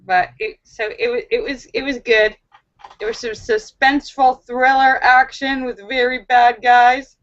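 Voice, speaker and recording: A young woman hosting a casual live stream at home, telling stories in an animated, chatty way with many fillers, on a webcam mic. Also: high-pitched, a little slow, highs cut off.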